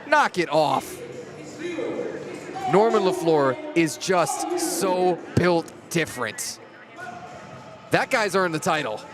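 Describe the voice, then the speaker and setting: A man calls the action on a sports livestream in a slightly high voice. He is chatty and excitable, cracking jokes between lifts. He sounds a little out of breath. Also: slow pace, over music, a crowd in the background. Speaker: play-by-play commentator.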